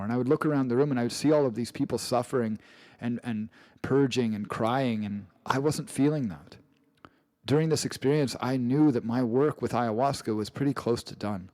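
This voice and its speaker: A man's voice: medium pitch, a little fast, darkish tone, no echo. A man with an English accent narrating his own memoir audiobook, earnest and personal, with frequent restarts and repeated phrases.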